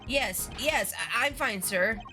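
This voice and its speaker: A woman's voice: on the high side, slow pace, over music, pitched above the performer's own voice. A woman voicing a nervous young male defense lawyer who stammers and keeps insisting he's fine, for a game. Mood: eager.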